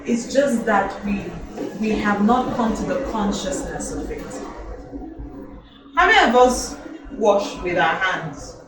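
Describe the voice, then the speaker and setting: A young woman giving a motivational public speaking lesson to a live audience, animated and quizzing the listeners with questions. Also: mid-range voice. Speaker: elocution and public speaking trainer. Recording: very echoey hall, voice from far off.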